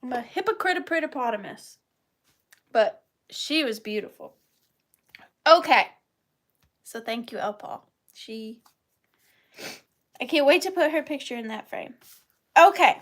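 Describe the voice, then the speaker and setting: A woman's voice: on the high side, lively intonation, slow, pauses often. A woman hosting a live online vintage sale, chatting casually and rambling with playful wordplay. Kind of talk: casual live-stream chat.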